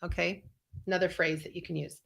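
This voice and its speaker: A woman's voice: on the low side, flat delivery, brisk, vocal fry, fairly bright tone. A woman co-hosting a live online self-help show, talking in an upbeat, earnest, encouraging way over a video call. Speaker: co-host, empath coach.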